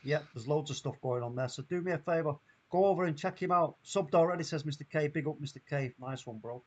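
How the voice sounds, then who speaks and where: A man with a Mancunian accent hosting a live football watchalong, reacting loudly and excitedly to the play. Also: on the high side, fast talker, highs cut off. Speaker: watchalong host.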